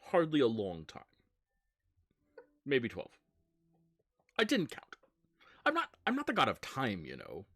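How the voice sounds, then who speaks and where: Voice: medium pitch, huge pitch swings, measured pace, pauses often, a bit bright, no room sound, clean studio sound, full character voice. A game master voicing a sly, teasing divine spirit being in a live tabletop game. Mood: sly, airy. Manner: mock-innocent, airy. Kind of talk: live-streamed tabletop role-play.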